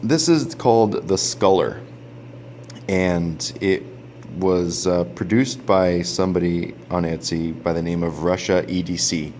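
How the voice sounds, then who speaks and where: Low-voiced man for a relaxed gadget review vlog, rambly, stops and restarts a lot, quick to chuckle. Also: slight background noise. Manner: rambling, full of fillers and restarts, chuckles often. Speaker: product reviewer.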